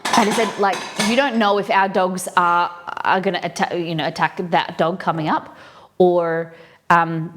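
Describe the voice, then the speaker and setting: A woman hosting a live cooking stream, chatting and rambling through stories with lots of fillers as she cooks. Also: fairly low pitch. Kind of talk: casual chat while cooking. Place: home kitchen.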